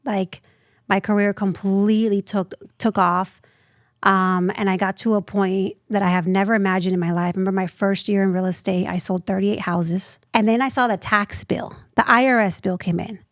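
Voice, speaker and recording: A woman in her thirties, a nonprofit founder telling her story as an interview guest, lively and acting out the voices she quotes. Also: medium pitch, moderate pace, no room sound, studio quality. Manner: animated, acts out quoted voices.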